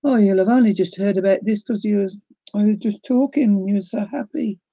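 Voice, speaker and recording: A woman's voice: medium pitch, a little fast, no echo, dull audio. A woman hosting a casual live crafting unboxing, gushing and tearful as she talks to viewers. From New Zealand. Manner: gushing, emotional, exclaiming. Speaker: crafting livestream host.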